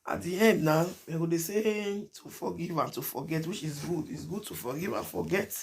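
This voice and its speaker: A woman's voice: on the low side, moderate pace, a little mellow, slight background noise. A woman with a Nigerian accent talking casually to her viewers, emphatic and repetitive, mixing Pidgin with English. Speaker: vlogger. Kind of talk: casual talk to camera.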